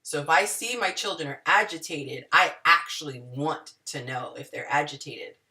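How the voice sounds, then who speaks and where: A woman hosting a casual group video call, telling stories with a lively, self-mocking energy. Her low-set voice is bright and sharp-edged and moves all over the place, and she sounds a little far from her mic. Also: moderate pace. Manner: animated, self-deprecating storyteller with acted-out quotes. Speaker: host.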